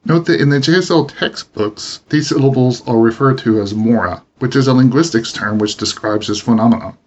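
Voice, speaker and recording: Male teacher voice, mid pitch, steady explanatory read, slightly muffled audio. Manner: measured explanatory reading. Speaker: language teacher. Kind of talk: instructional narration. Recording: dull lo-fi voice recording.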